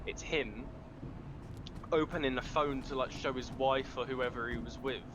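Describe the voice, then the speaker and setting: A young man, a fellow player, chats casually during an online game, spinning loose, rambling stories full of swearing. His mid-range voice moves a little slowly against a noisy background.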